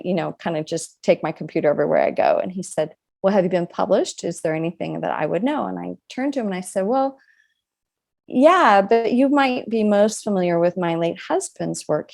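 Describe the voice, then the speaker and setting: A woman's voice: fairly low pitch, vocal fry, dark tone. A middle-aged woman, an author guest in an interview, telling a personal story in an earnest, reflective way. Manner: earnest, reflective, acts out quoted dialogue.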